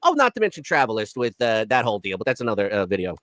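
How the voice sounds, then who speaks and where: Male commentary host, sarcastic and mocking, lively bright voice, dry close sound. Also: on the low side, racing. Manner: sarcastic, mocking, laughs often, puts on exaggerated voices. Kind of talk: casual commentary on news clips.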